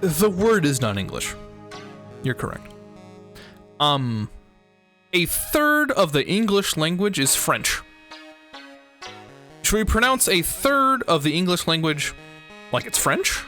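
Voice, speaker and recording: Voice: mid-range voice, big pitch swings, takes it slowly, pauses often, sharp tone, faint music behind. An American streamer joking sarcastically and reading game text aloud during a let's play.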